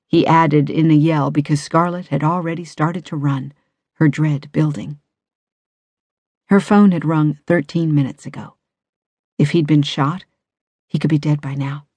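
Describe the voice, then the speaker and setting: A woman reading a suspense novel aloud in measured, even narration. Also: low voice, husky, dry recording. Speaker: audiobook narrator. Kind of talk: scripted audiobook narration.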